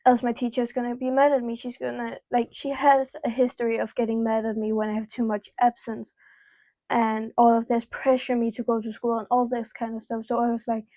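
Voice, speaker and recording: Dark-toned, casual teenage girl vlogger. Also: a little high, flat delivery, fairly quick, no echo, rough recording. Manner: candid, rambling, heavy use of "like" and swearing. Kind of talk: casual storytime monologue. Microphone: small clip-on mic.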